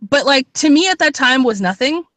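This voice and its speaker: A woman's voice: high-pitched, lively intonation, moderate pace, a bit bright, no echo. Young woman, rambling storyteller, swears a lot, dry close mic. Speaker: podcast co-host. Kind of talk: casual storytelling chat.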